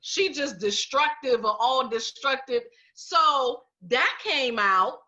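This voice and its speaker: A woman co-hosting a podcast, blunt and sarcastic, with a bright, forceful edge to her voice. She sits a little high in her range. The audio is dull and lo-fi. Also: expressive, slow pace. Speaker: podcast co-host. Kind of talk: casual podcast chat.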